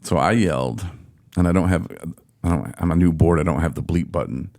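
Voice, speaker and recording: Deep-voiced man ranting in casual chat. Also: a little fast. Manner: animated storytelling, acting out his own exasperated quotes. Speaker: podcast host.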